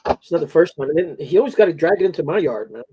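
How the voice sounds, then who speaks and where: Casting: man, casual storyteller, somewhat high voice. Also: lively intonation, fast, dark tone, slightly rough. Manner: rambling storyteller, coarse slang. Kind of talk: casual chat.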